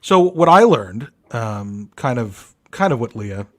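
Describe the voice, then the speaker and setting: A man's voice: mid-range voice, big pitch swings, takes it slowly. A man hosting a casual comedy podcast, crude and joking in a mock-serious way. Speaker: podcast host.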